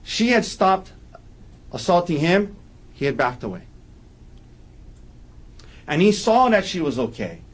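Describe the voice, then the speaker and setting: A man's voice: high-pitched, big pitch swings, a little slow, long pauses. A man giving a courtroom opening statement as defense attorney, emphatic and repeating key points for weight.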